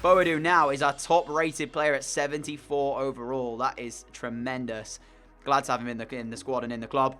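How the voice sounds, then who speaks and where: Sarcastic, bright-voiced young man gaming. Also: medium pitch, level tone, moderate pace, soft background music. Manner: exasperated, sarcastic play-by-play. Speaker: gaming commentator. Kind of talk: video game commentary.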